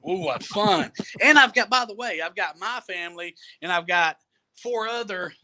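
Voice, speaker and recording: A man with a high, bright voice tells a long travel story in a loose, chatty way. He laughs easily and often repeats words as he goes. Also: moderate pace. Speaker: storyteller guest. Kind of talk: casual storytelling. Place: Jamaica.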